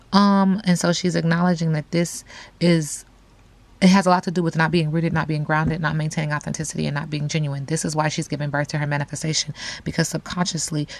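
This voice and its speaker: Low-voiced chatty woman tarot reader. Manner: chatty, slangy, frequent asides. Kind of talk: casual tarot reading to camera.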